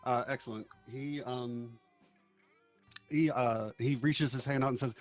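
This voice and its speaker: A man narrating a tabletop game as game master, relaxed and hesitant with many fillers. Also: medium pitch, unhurried, pauses often, soft background music.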